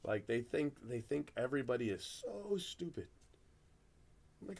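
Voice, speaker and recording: A middle-aged man hosts a card break in a loose, chatty way. He rambles through his stories and restarts his sentences often. His voice sits in an ordinary middle pitch. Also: sing-song, normal speed, gravelly, a little mellow. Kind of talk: casual chat while opening cards.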